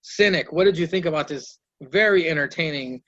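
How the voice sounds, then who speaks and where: A man's voice: fairly high pitch, a little fast, a bit bright, highs cut off. A man hosting a casual podcast, recapping wrestling in a loose, swearing play-by-play and mimicking the wrestlers. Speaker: podcast host.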